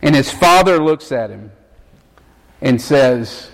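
Gravelly preacher in a big hall. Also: male voice, medium pitch, expressive. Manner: earnest storytelling preacher, slows down for emphasis. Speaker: pastor. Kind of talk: sermon. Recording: long reverb of a large hall.

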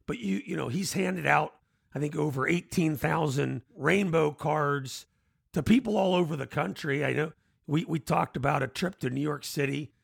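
A man hosting an interview, asking his guest questions in a halting way and often repeating words as he frames them. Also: on the high side, creaky, breathy edge, no echo, clean studio sound. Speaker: podcast host.

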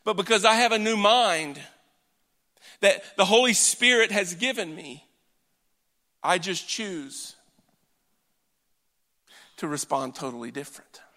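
A man preaching a sermon in an earnest, emphatic way, swinging between loud declarations and hushed asides. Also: sits high, expressive, slow, pauses often. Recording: long hall reverb.

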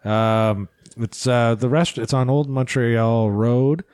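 A Canadian man co-hosting a podcast, chatting casually and hesitantly with many pauses. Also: medium pitch, clear, resonant tone, no echo, studio quality. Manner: relaxed, hesitant with many ums and uhs. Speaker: podcast co-host. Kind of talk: casual chat.

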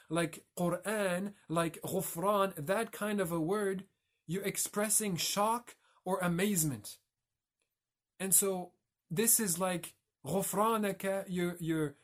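A man giving a reflective religious talk as a teacher, explaining and carefully pronouncing Arabic terms. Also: high voice.

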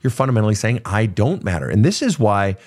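Older male therapist-host, low voice, very lively pitch, profane and conversational. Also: quick pace. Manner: animated, profane, storytelling with acted quotes. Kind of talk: casual advice talk.

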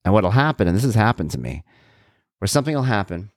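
A man's voice: on the low side, sing-song, fast, no echo, studio quality. A middle-aged man speaking earnestly and confidingly to viewers in a reflective personal monologue about his life. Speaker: vlogger sharing life advice.

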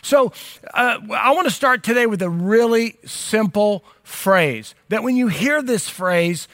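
High, bright-voiced older male pastor. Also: animated, a little slow, no room sound. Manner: earnest, conversational preaching, addressing viewers directly. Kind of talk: sermon.

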